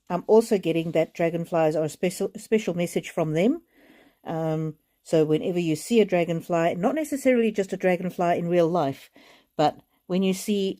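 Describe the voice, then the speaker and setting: A woman with a lowish voice gives a live oracle card reading, talking to viewers in a gentle, reassuring, chatty way full of fillers. She often sounds close to tears.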